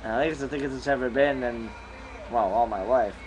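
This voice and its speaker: A man's voice: mid-range voice, fairly quick, background noise. Rambling young man vlogging at home. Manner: rambling, easygoing, chewing gum. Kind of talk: casual vlog chat. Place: bedroom at home.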